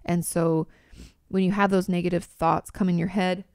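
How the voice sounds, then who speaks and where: Woman therapist host, 30s, low gravelly voice, dry close sound, frank and encouraging. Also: little pitch movement, normal speed, dry recording. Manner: warm, direct, reassuring, with casual swearing. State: a bit shaky from shaking her body while talking. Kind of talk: advice podcast monologue.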